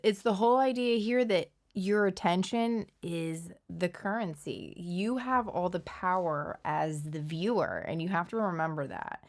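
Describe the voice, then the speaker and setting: A woman's voice: on the low side, unhurried, few pauses. A woman from Philadelphia with a Philadelphia accent, hosting a casual, opinionated commentary video. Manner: conversational, opinionated, analytical. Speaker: commentary channel host.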